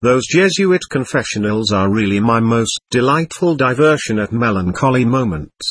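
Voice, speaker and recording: A man reading the part of a suave, mocking male devil who talks like a worldly gentleman, with an ironic, chatty manner. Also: mid-range voice, lively intonation, moderate pace, husky, dry recording. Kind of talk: audiobook character reading.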